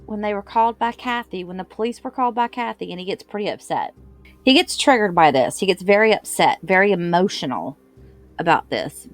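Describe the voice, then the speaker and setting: A woman's voice: mid-range voice, lively intonation, fairly quick, faint music behind. Chatty woman retelling testimony. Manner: loose recap with filler words and self-corrections, quoting others. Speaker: true crime commentator. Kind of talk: casual retelling of court testimony.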